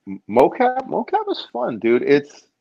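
A man's voice: fairly high pitch, a little slow, gravelly, lo-fi sound, a little hiss or hum. A man guest in a casual interview, telling stories and acting out what people say. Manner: animated storyteller, acts out quotes. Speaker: stunt performer guest.

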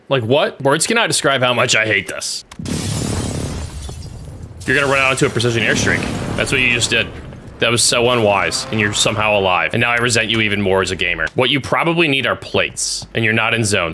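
A young man giving excitable, sarcastic commentary while spectating a shooter game, teasing the players he watches. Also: fairly low pitch, a little fast, slight background noise. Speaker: gaming YouTuber commentating.

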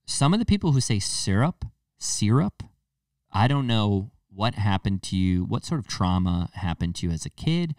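A man's voice: fairly low pitch, very animated, a little fast, few pauses, no room sound, studio quality, distant mic. A young man with a New England accent, hosting a casual comedic podcast and ranting in a rambling, profane, jokey way. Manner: rambling, profane, jokey rants with sudden loud jumps. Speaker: podcast host.

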